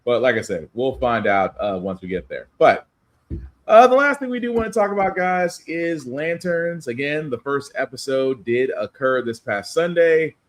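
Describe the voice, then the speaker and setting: Man, podcast host, casual chat, very animated intonation. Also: mid-range voice, normal speed. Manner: leads the talk, passes topics to co-hosts.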